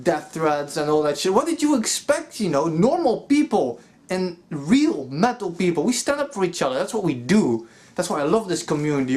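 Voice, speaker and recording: A man speaks in a slightly higher-than-usual voice, ranting straight to his viewers. He sounds exasperated and swears freely, with plenty of fillers along the way. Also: darkish tone. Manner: profane, exasperated, lots of filler like 'you know'. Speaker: metal vlogger. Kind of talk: angry commentary rant.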